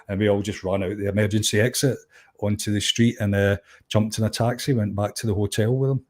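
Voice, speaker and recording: A man's voice: lowish voice, fairly quick. A middle-aged Scottish man, a musician and DJ, telling anecdotes as an interview guest and acting out the people in his stories. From Scotland. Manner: animated anecdote-telling, acts out quoted voices, frequent restarts. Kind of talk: conversational storytelling.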